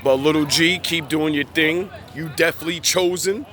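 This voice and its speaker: A man's voice: fairly high pitch, fairly even intonation, moderate pace, a bit bright. A young man giving a casual, preachy monologue in profane street slang, worked up as he preaches. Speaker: vlogger.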